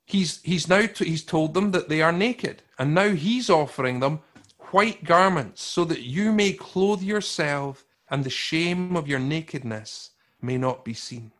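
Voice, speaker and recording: A pastor delivers a sermon in a slightly raised pitch, swinging from loud and emphatic to hushed and slow. He speaks conversationally to his congregation, often repeating or restarting his words.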